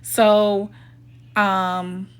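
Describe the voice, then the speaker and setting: A woman's voice: medium pitch, level tone, extremely slow, smooth. A woman telling a personal storytime in a casual, emphatic and indignant way, voicing the people in her story as she goes. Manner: emphatic, indignant retelling that acts out quoted dialogue. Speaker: storytime vlogger.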